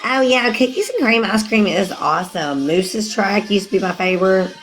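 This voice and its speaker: A woman's voice: medium pitch, expressive, normal speed, over music, poor audio. A woman rambling casually to her viewers on a live stream, laughing often. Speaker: livestreamer.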